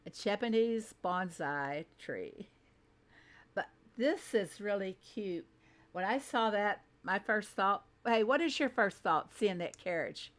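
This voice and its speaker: A woman's voice: medium pitch, animated, takes it slowly. A woman with a Southern American twang hosts a casual reaction commentary, chatting along and laughing at her own asides. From Southern United States. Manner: chatty, laughs often, self-deprecating asides. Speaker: host.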